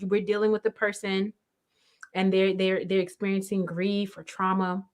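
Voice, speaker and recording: A woman's voice: medium pitch, level tone, moderate pace. A woman guest, a grief coach, talking in an interview over a video call, emphatic and instructive, often checking in with the listener. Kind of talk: conversational interview.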